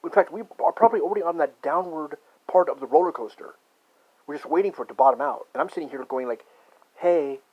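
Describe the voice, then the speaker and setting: A man in a rambling, profane conspiracy rant that swings from muttering to shouting. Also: medium pitch. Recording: dull lo-fi recording.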